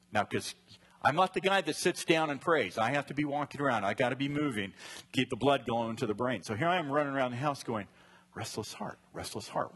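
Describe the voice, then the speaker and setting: A middle-aged man preaches from the pulpit, his voice a little husky and sitting in an ordinary middle pitch. He tells his story in a lively, animated way, acting out the voices he heard in his head. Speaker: pastor. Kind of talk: sermon.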